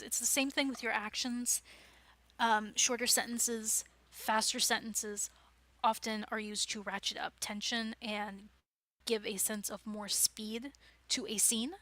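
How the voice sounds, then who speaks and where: Bright-voiced chatty woman teaching writing. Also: on the high side. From United States. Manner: chatty, enthusiastic, with frequent restarts and fillers. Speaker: writing club leader. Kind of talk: casual informal teaching talk.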